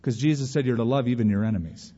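A male pastor preaching a sermon, animated, acting out quotes with sudden bursts of energy. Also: mid-range voice, fast. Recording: muffled recording in a reverberant hall.

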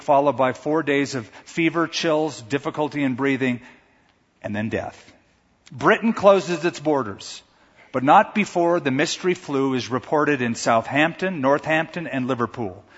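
A male pastor preaching a sermon, telling a story in a vivid, dramatic way. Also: mid-range voice. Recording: echoey hall, dull lo-fi sound.

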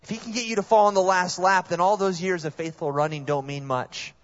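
Give me a man with a fairly high voice delivering an animated sermon, muffled lo-fi sound. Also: a little fast. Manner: animated storytelling with sudden drops to quiet. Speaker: guest pastor.

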